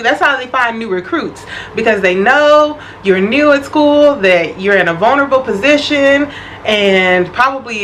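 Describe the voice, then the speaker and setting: A woman's voice: sits high, a bit bright, slight background noise. A woman doing her blunt, sassy sister.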